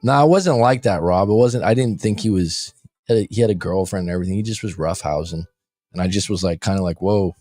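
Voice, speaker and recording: Broadcasting a casual coaching livestream from a room overseas near street-facing windows, this man jokes around, wanders off topic and reads the chat out loud. He speaks fast in a low, darkish voice, with studio-quality audio and no room sound.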